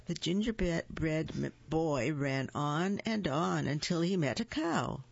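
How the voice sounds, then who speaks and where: A woman reads children's storybooks aloud in a deliberate, expressive way. Her voice is slow and gravelly. The recording is dry, dull and lo-fi. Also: deep voice, no echo. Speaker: storybook reader. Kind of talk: reading children's books aloud.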